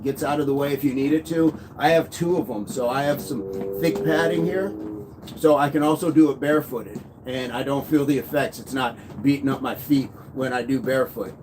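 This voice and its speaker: A man's voice: a little high, a little mellow. A man in his thirties hosting a live fitness stream, walking on a walking pad as he reads viewer comments aloud in an upbeat, chatty way. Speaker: fitness livestream host. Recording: faint background noise.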